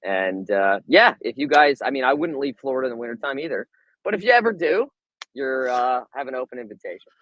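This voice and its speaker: A man's voice: mid-range voice, animated, fairly quick, a bit bright, dry recording, highs cut off. Guy guesting on a podcast, friendly and a bit hesitant, dry sound. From Western New York, USA. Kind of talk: casual chat.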